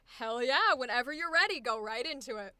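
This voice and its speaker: A young woman leading a live voice acting coaching session, chatty and encouraging and quick to laugh. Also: a little high, lively intonation, sharp tone, smooth, no room sound.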